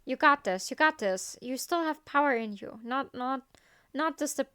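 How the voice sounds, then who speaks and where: A woman hosting a game reaction video, commenting emotionally on the story. She repeats her exclamations often. Her voice sits high. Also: animated, moderate pace, pushed and bright, smooth.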